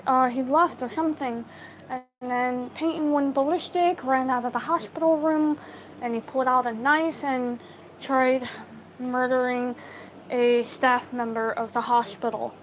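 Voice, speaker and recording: A woman's voice: sits high, fairly even intonation, unhurried, a little hiss or hum, poor audio. A woman telling a personal story in a casual storytime, rambling and acting out what everyone said. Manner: rambling, acts out quoted dialogue; filler-heavy retelling, lots of "I'm like".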